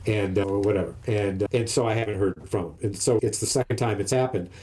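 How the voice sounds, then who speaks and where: A man's voice: lowish voice, fairly even intonation, fast talker, a little mellow. An older man chatting casually, telling a long rambling story and acting out what others said. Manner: rambling storyteller who acts out other voices. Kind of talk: casual chat.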